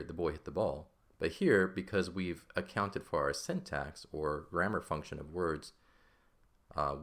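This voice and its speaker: A man with a rumbling low voice and a fairly bright tone gives a classroom lecture on classical Greek grammar. He explains step by step and often checks in with "right?".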